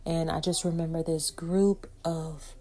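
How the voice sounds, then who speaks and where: Her voice low and unhurried, a woman hair vlogger tells a casual storytime while doing her hair. She's an animated storyteller, acting out every quote with energy.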